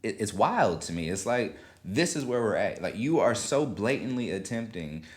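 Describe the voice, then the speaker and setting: A man hosting a solo podcast, talking in casual, animated commentary, swearing freely and acting out quotes. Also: on the low side, normal speed. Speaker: podcast host.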